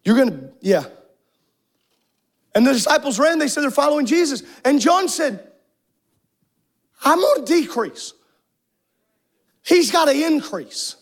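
Very high-voiced fervent male preacher. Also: very animated, moderate pace. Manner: emphatic, shouting, half-singing cadence. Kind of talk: fervent sermon. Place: church.

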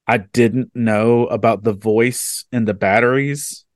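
A man hosting a podcast interview, chatting casually and telling stories with animated energy. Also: mid-range voice, takes it slowly, no echo, studio quality. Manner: animated storyteller, casual and excitable. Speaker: podcast host.

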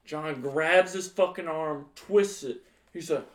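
High-voiced young man swearing through a story. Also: slow pace. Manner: profane, animated, laughs while telling. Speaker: podcast co-host. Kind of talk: casual storytelling with friends.

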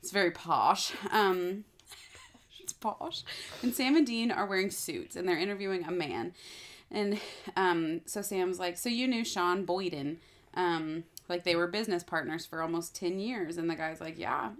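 A woman's voice: on the low side, normal speed. A woman co-hosting a podcast, casually recapping a TV episode, rambling with lots of fillers and acting out characters' lines. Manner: rambling, many fillers, acts out lines in quotes. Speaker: podcast co-host.

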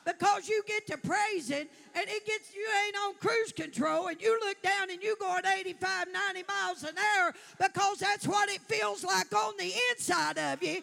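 Gravelly, fervent woman preacher. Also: very high-pitched, moderate pace, few pauses. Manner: fervent preaching, rising to shouts. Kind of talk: sermon.

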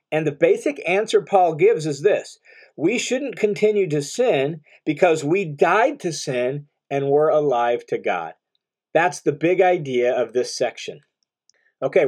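A man's voice: fairly high pitch, darkish tone. A man teaching verse by verse through a Bible passage, earnest and explanatory, repeating key points for emphasis.

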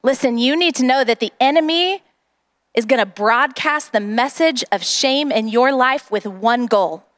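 A woman pastor with a very high voice delivers an earnest sermon. She speaks in a rallying tone to her congregation in a church. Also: unhurried, a bit bright.

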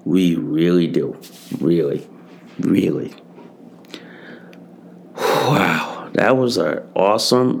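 Slow, gravelly-voiced man hosting a podcast. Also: deep voice. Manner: repeats phrases, swears often, addresses listeners as guys. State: tired. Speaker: podcast host. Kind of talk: solo podcast monologue.

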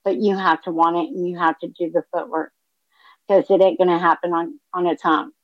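A woman's voice: on the low side, flat delivery, brisk, dry recording, muffled recording. Earnest woman sharing her recovery story. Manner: earnest, open and emotional, with frequent ums. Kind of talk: personal testimony to a group.

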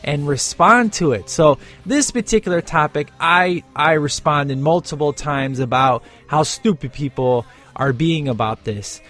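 A man's voice: a little high, measured pace, hardly any pauses, fairly bright tone, faint music behind. Emphatic ranting male podcast host. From United States. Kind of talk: casual show review and rant.

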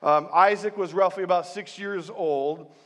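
A middle-aged man from central New York preaching a sermon as pastor, telling stories in an animated way and rallying the congregation. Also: sits high, measured pace. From central New York, USA. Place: large church hall. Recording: long hall reverb.

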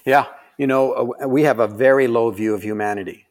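A man's voice: medium pitch, brisk. A middle-aged man telling a story in casual conversation, rambling with lots of fillers and restarts. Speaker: guest.

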